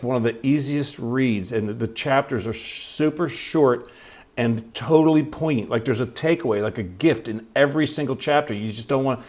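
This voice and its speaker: A man's voice: mid-range voice, darkish tone. Chatty enthusiastic male podcast host. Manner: enthusiastic, chatty, many fillers. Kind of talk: casual podcast interview.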